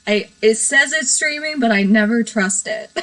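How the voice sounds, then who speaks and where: A woman's voice: on the high side, slow, fairly bright tone, rough recording. A woman hosting a casual live stream from her bedroom, rambling, giggly and self-deprecating. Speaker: livestream host.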